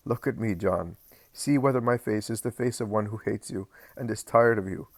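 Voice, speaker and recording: A man voicing a calm, tender male spiritual master with slow, solemn speech in a read-aloud story. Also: fairly low pitch, no room sound.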